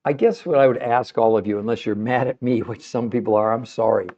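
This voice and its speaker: A man's voice: medium pitch, brisk, warm tone, dull audio. A man hosting a live-streamed podcast, passionate and emotional as he talks straight to his viewers and asks them questions. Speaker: podcast host.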